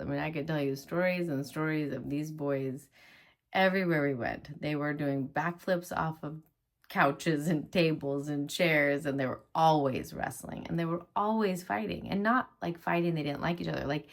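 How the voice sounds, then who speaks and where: A woman's voice: deep voice, moderate pace, creaky. A woman in her thirties, a mother of five, telling her own story to camera in a casual, laughing way, dropping to a whisper when she voices her thoughts. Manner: animated, laughing, drops into whispers for inner thoughts.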